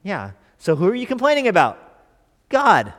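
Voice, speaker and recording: A man's voice: sits high, huge pitch swings, moderate pace, a bit bright. Man preaching a conversational sermon in a reverberant church. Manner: conversational, asks the congregation questions. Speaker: pastor.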